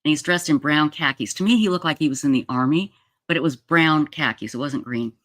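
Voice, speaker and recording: A woman's voice: low-pitched, brisk, fairly bright tone, dry recording, clean studio sound. A woman in her sixties from Utah, telling a long personal story on a livestream in a chatty, rambling way, full of restarts. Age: 60s. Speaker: livestream host. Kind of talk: casual storytelling. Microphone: streaming setup mic.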